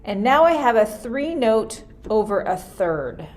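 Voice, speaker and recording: A woman's voice: on the high side, very animated, darkish tone. Woman teaching music theory, thinking aloud. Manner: thinking aloud, casual and unhurried. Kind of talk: screen-recorded lesson. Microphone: computer mic for a screen recording.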